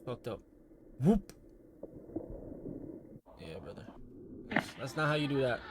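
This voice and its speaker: Laid-back male reaction host, lively intonation, loud noisy recording. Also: mid-range voice, slow. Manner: laid-back, swears freely, laughs often. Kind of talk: casual reaction commentary. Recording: loud background noise.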